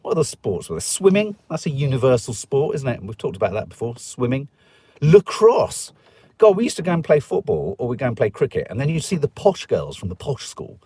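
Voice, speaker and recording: A man's voice: mid-range voice, wildly swooping pitch, fairly quick, warm tone, slightly rough, dry recording. A middle-aged man with a Stoke accent, hosting a live stream and chatting in a rambling, jokey way. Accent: Stoke-on-Trent English. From England. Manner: chatty, rambling, jokey, puts on voices for people he quotes. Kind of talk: casual chat reading viewer comments.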